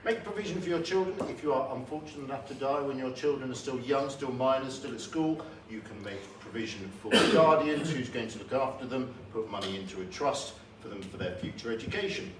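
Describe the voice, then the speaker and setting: A man doing a will adviser's pitch. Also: fairly quick, few pauses, close to an everyday voice. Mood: earnest. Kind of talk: mimicking a colleague's pitch. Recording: far, roomy, background noise.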